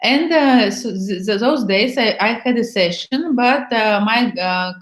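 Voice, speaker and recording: Woman chatting in broken english, kinda high voice, echoey room, acts stuff out. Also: a little slow. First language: Bulgarian. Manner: broken English, frank and playful, acting out little scenes. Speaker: workshop host. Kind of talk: casual chat.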